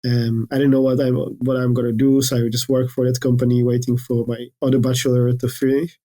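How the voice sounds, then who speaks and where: Brief: man from the Republic, podcast host, easygoing, mid-pitched voice. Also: completely flat delivery, fairly quick, warm tone. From Czech Republic. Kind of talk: casual interview chat.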